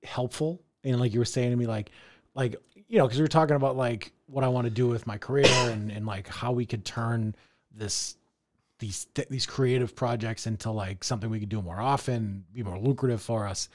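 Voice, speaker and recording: A man's voice: medium pitch, steady tone, a little fast, darkish tone, slight background noise. A man co-hosting a podcast in casual chat, teasing his friend, swearing freely and laughing often. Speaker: podcast co-host.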